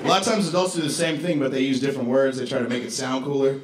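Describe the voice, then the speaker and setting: A Chicago man does a stand-up set on a club stage, laid-back and deadpan with profane asides, talking at a racing clip in a mid-range voice. The club is echoey, with crowd noise.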